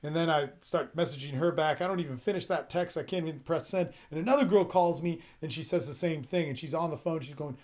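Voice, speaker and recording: A male podcast host who rambles through relationship advice in a blunt, swearing, emphatic monologue. His voice sits a little higher than most men's, and he keeps pressing his points in a casual, unscripted way. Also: quick pace, hardly any pauses, a little mellow.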